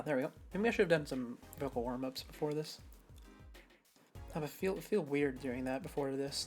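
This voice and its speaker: Low-voiced woman chatting over a game. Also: a little mellow. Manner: chatty, self-deprecating, thinking aloud. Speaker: streamer. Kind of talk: casual gameplay commentary.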